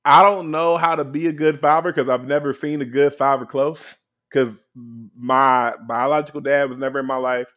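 A man's voice: mid-range voice, steady tone, moderate pace, fairly bright tone. A young man chatting casually and candidly on a podcast, full of fillers and blunt swearing. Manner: loose and candid, heavy on fillers and profanity. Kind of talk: casual chat.

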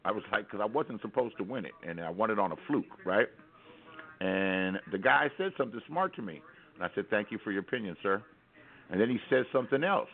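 A man's voice: lowish voice, expressive, a little fast, creaky. An American man telling a rambling, wry story as a caller on a call-in radio show, with many restarts. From United States. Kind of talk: casual storytelling on talk radio. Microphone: telephone. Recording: tinny phone line.

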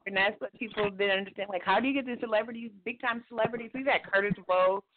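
A chatty, outspoken woman calls in to a radio show and talks fast, laughing often. Her voice comes through a thin, tinny phone line. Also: medium pitch. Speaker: caller and former co-host. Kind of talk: casual call-in radio chat.

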